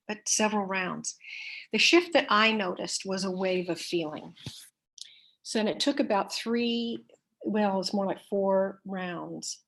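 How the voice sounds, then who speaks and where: A woman presenting a workshop, calmly leading listeners step by step through a body-awareness exercise with pauses. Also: mid-range voice. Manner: calm, step-by-step instructions with pauses.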